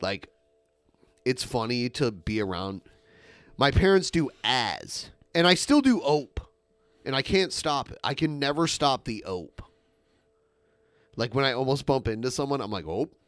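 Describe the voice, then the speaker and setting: A man's voice: measured pace, long pauses, no room sound. A man with a Midwestern American accent, rambling through casual podcast chat with lots of fillers. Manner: rambling, lots of fillers, lively swings in pitch. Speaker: podcast co-host.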